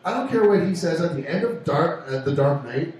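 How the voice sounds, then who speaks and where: A man's voice: on the high side, expressive, a little fast, darkish tone. A man hosting a radio show with casual, rambling, joking banter from a pub. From Canada. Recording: echoey pub from far off.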